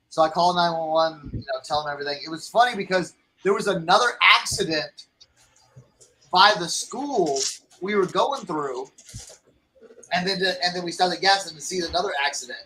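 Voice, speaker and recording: High, bright-voiced man telling a story. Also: moderate pace, long pauses, a little hiss or hum, low-quality recording. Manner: rambling, with lots of fillers and restarts. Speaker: podcast co-host. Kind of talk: casual storytelling chat.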